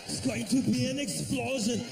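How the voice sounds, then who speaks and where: A comedian doing an impression of a muscle-bound action-movie star who barks orders in a strained growl. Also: male voice, extremely high pitch, animated, moderate pace, creaky, echoey room, over music, crowd noise, full character voice. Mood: barking. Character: Schwarzenegger-style action hero man, barking orders.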